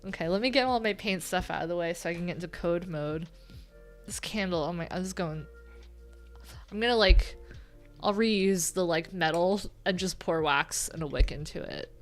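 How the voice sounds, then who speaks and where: A woman's voice: on the low side, moderate pace, faint music behind. A woman with a nasal voice chatting casually on her livestream, rambling and joking at her own expense. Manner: chatty, rambling, self-deprecating. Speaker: livestream host.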